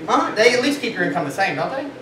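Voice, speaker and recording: A man leading a sales meeting, giving an animated motivational talk to a live audience and quizzing them with questions. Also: sits high, fast talker, crowd noise. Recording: echoey room, far from mic, noisy.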